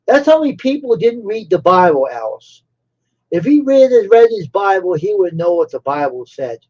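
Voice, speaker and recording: A man's voice: high voice, sing-song, normal speed, darkish tone. Rambling man telling a story, lo-fi. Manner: rambling, repeats phrases for emphasis. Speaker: live stream host. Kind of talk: casual storytelling. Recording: dull lo-fi stream audio.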